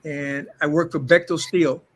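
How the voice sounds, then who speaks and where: Speaking at a measured pace, this former football player turned actor, now older, brags through his stories during an interview and acts out others' quotes with gusto. His pitch runs on the high side, level and a bit bright.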